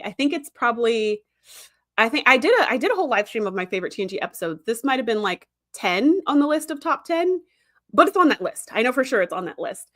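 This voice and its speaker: A woman's voice: a little high, fairly bright tone, no echo, studio quality. Chatty, enthusiastic woman podcast host. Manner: chatty and enthusiastic, with frequent fillers and quick asides. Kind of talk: casual fan commentary, reading live chat.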